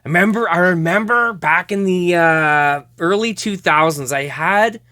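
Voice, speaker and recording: A man hosting a hockey card show, casually rambling as he opens cards, hedging with many trailing remarks and breaking into excited laughs. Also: high-pitched, a little slow, no echo, studio quality. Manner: hesitant, rambling, many trailing 'I don't know's; laughs easily, bursts into excited outbursts. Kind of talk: casual card-opening commentary.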